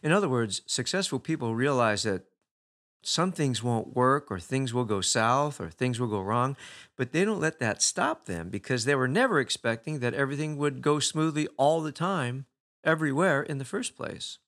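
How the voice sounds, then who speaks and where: A man's voice: mid-range voice, animated, moderate pace, a bit bright. A man giving a reflective motivational talk in a conversational way, posing rhetorical questions to the listener. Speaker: motivational speaker.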